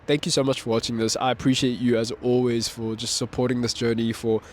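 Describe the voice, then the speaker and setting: A man's voice: medium pitch, flat delivery, fast, a little hiss or hum. A man, a musician making a vlog, talking in a casual, rambling way with frequent laughs and restarts, outdoors. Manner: rambling, self-correcting, laughs often. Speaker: musician vlogger. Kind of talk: casual reflective monologue. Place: outdoors in a town with birds.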